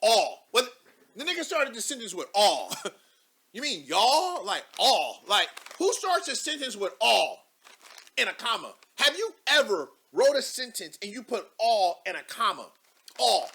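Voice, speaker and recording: A young man hosting a live show, giving loud, mocking commentary as he reads posts aloud, laughing and repeating himself. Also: sits high, sing-song, moderate pace, breathy edge.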